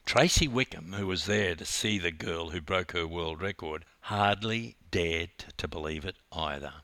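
A man's voice: low voice, a little slow, no echo. Man, coach-narrator, dramatic memoir delivery, dry close sound. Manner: animated, dramatic retelling that rises in intensity. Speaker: swimming coach.

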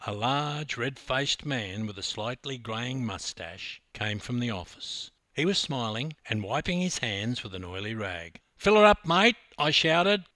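A man's voice: lowish voice, lively intonation, unhurried, hardly any pauses, bright, forceful tone, dry recording. A man from Queensland with an Australian accent, narrating a personal story as a podcast host in an emphatic, dramatic way.

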